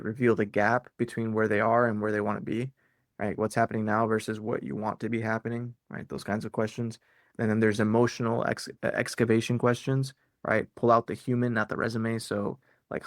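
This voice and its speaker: A man's voice: fairly low pitch, gravelly, no echo, studio quality. A man coaching salespeople on a live training call, talking casually with lots of "right?" and "man". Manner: casual, bro-ish, fillers like "right?" and "man".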